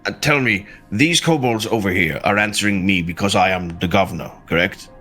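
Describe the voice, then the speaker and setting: Man, tabletop player, low voice, crisp bright tone, measured questions. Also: faint music behind. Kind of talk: playing a character in a tabletop game.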